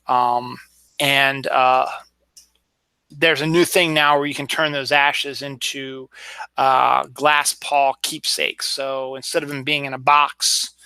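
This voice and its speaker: A man's voice: medium pitch, little pitch movement, takes it slowly, bright, forceful tone, clean tone, no echo. A man hosting his own show alone at home, chatting casually through news items, rambling, with many fillers and restarts. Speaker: podcast host. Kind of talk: casual solo news chat.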